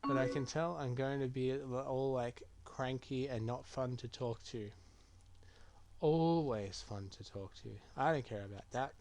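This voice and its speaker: A gaming streamer works through a chat-based game, reading the message options aloud in a slow, mumbling manner. His voice is medium in pitch with a somewhat dark tone. Keyboard clicks come through clearly beneath his speech, along with a faint hiss or hum.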